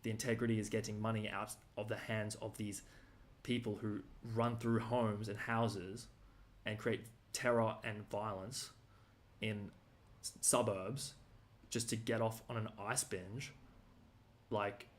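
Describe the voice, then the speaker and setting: A man's voice: fairly low pitch, flat delivery, measured pace. An Australian man ranting casually, rambling and slangy with lots of fillers and restarts.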